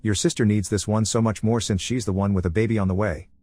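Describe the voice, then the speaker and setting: A man's voice: on the low side, fairly even intonation, quick pace, a little mellow, faint music behind, close to an everyday voice. A man voicing a domineering, entitled middle-aged mother in a narrated story, commanding and self-righteous.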